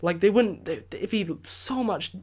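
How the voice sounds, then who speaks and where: A Scottish man with a fairly high voice hosts his podcast from home, tired and rambling. He rants in a loose, casual way, circling back with fillers and false starts. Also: measured pace, darkish tone, breathy edge. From Scotland. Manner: rambling, with many fillers and restarts. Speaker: podcast host. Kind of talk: casual solo rant.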